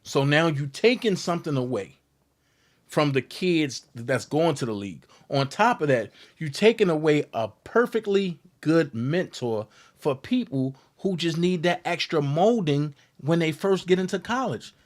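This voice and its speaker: Young man, animated storyteller; pitched a little high, swinging range, acts out every quote. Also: unhurried. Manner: acts out quotes with big loud jumps in voice. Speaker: guest telling a story.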